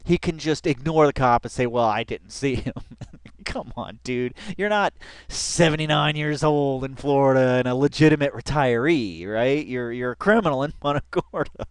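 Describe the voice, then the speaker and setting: A man's voice: medium pitch, clean tone, no room sound. A man hosting a reaction video, talking in a loose, slangy, rambling way, laughing often and restarting his sentences. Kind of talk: casual rambling commentary.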